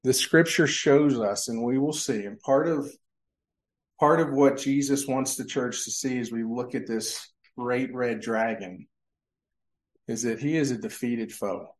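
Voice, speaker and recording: A man's voice: mid-range voice, a little slow. Man preaching with rhetorical questions. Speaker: pastor. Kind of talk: sermon. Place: church sanctuary.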